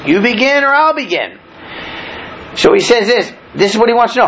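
A man's voice: extremely high pitch, very animated, moderate pace, a bit bright. A man preaching verse by verse, reading scripture aloud and then explaining it in plain words, with frequent fillers and restarts. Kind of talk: verse-by-verse Bible teaching. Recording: dull lo-fi recording with faint noise.

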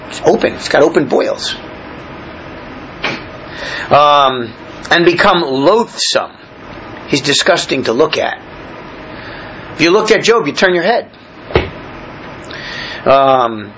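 A man preaching a sermon with a lively, swooping delivery, reading verses and then unpacking them in everyday talk. He restarts his phrases often as he explains. The recording is a little dull, with faint noise behind him. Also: a little high, unhurried, pauses often. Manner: reads scripture aloud then explains it in plain talk; frequent fillers and restarts, conversational preaching. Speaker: pastor.

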